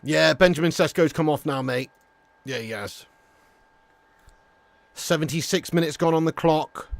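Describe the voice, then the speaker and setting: A man's voice: fairly high pitch, a little slow, vocal fry, no echo. A man hosting a live football watch-along, rowdy, joking and swearing. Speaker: match watch-along host.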